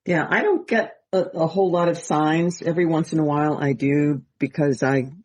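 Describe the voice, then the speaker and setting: A man hosting a podcast, explaining things calmly and patiently in a slightly raised voice. He sits close to the mic in a dry, dead room. Nothing echoes around him. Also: on the high side. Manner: calm, explanatory, measured. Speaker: podcast host and medium. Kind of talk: casual podcast conversation.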